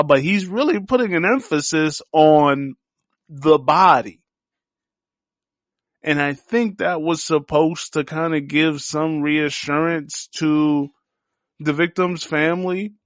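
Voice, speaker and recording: Man podcast host, higher voice, casual profane series recap, dry close sound. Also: no room sound. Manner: animated, profane storytelling that acts out quotes. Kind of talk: casual solo TV series review.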